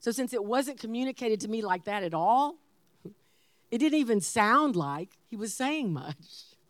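A woman in her sixties preaching a sermon, telling stories with animated emphasis and laughter. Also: fairly high pitch, measured pace, no room sound. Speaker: pastor.

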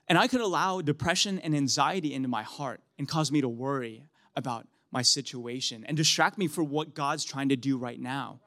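A man's voice: on the high side, a bit bright. A young man giving a casual, conversational sermon, often laughing and restarting his sentences. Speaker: preacher.

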